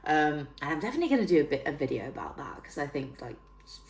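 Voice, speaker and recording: A woman's voice: deep voice, sing-song, quick pace, darkish tone, a little hiss or hum. A woman of thirty with a northern English accent, chatting to camera in a bubbly way, full of fillers. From northern England. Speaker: fitness trainer and YouTuber. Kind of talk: casual vlog talk to camera.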